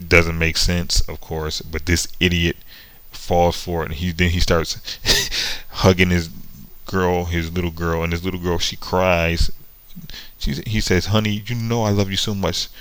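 A man's voice: low voice, fairly bright tone, no room sound, rough recording. A man casually retelling a comic book story, sarcastic and often breaking into laughter. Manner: sarcastic, laughing between lines.

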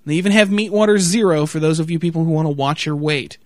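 A man's voice: a little high, steady tone, fast, a little mellow, no echo, studio quality. A man in a profane, comedic rant, reading a list aloud with mock announcer delivery and repeating "okay?" in disbelief. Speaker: vlogger reacting to a product website.

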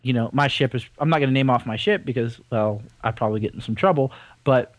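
A man co-hosting a casual podcast, talking in an animated, rambling and opinionated way. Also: mid-range voice, fast, no echo, low-quality recording. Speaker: podcast co-host. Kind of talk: casual chat.

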